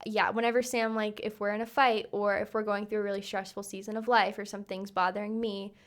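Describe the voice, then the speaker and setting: A woman's voice: mid-range voice, level tone, quick pace. A young woman co-hosting a podcast, chatting casually with many fillers. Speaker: podcast co-host. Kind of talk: casual chat.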